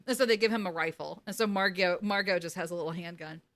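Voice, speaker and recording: Woman, casual podcast co-host, bright voice, lively retelling. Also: on the low side, quick pace. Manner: animated, acts out characters in quotes. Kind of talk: casual recap chat.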